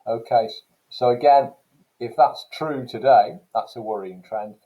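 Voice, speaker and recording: A man's voice: mid-range voice, a little slow, muffled recording. A man teaching a recorded lesson, explaining casually with fillers and reading quotations aloud from texts. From England. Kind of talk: recorded classroom lecture.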